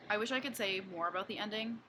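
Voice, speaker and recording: A woman's voice: medium pitch, quick pace, noisy background. A woman in her twenties giving a casual book review vlog, blunt and candid, swearing freely and peppering her talk with fillers. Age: 20s.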